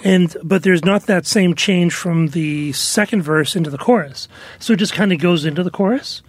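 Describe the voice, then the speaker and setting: Rambling man with a dry, higher voice. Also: moderate pace, breathy edge, dry recording. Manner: rambling, full of "like, you know" fillers. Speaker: song critic on panel. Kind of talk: casual studio feedback chat. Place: studio.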